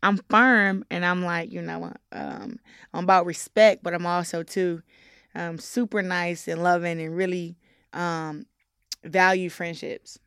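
Young woman guest, lowish smooth voice, halting with fillers, dry close mic. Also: little pitch movement, fairly bright tone, no room sound. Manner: halting, many fillers, candid. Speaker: interview guest. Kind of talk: casual interview talk.

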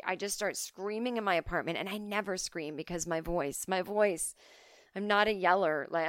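A woman's voice: lowish voice, a little fast, no echo. A woman hosting a solo comedy podcast. She reads listener mail and rants bluntly, with profanity and self-deprecating jokes. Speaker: podcast host.

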